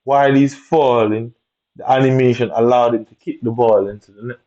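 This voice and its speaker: A man mutters and rants in heavy while commentating his own gameplay. His voice is mellow and dark, and he sounds aggrieved throughout. The recording is dull and lo-fi. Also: mid-range voice, steady tone, fairly quick.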